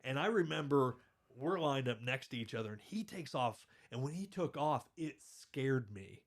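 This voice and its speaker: A man's voice: medium pitch, animated, moderate pace. Male podcast host, casual rambling storyteller, pokes fun at himself, mid-range voice. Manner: rambling, self-deprecating, laughs through his stories.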